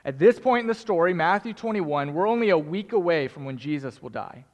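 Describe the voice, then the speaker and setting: A man preaching a sermon as pastor, animated and joking as he speaks straight to the congregation. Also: a little high, brisk, dull audio. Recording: long hall reverb.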